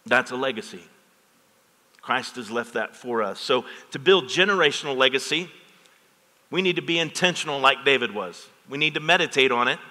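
Bright-voiced preaching pastor, man, in hall reverb. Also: mid-range voice, animated, moderate pace. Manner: preaches with call-and-response asides to the congregation. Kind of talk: sermon. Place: church sanctuary.

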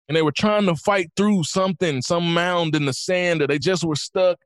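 A man's voice: high-pitched, normal speed, few pauses, no room sound, clean studio sound. A man, a guest and inspirational speaker, telling a personal story in an interview and rising into an impassioned, sermon-like encouragement. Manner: builds from calm storytelling to rising preacher-like exhortation.

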